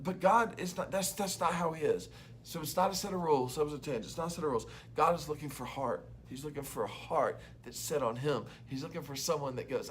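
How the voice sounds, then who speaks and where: A young man preaching an earnest, conversational devotional sermon to students, slipping into quick acted-out voices. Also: on the high side, a bit bright. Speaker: youth pastor.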